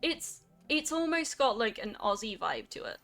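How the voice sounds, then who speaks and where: A woman's voice: on the high side, very animated, normal speed, creaky, sharp tone. A woman streamer chatting casually with her viewers while she plays a game, reacting animatedly to their comments. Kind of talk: casual gameplay chat with chat.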